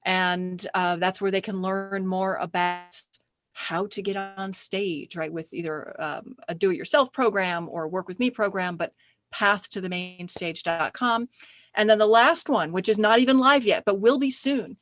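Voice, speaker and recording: A middle-aged woman chatting as a podcast guest, animated and quick to laugh while telling stories. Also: medium pitch. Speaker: podcast guest, speaker agent. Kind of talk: casual interview chat.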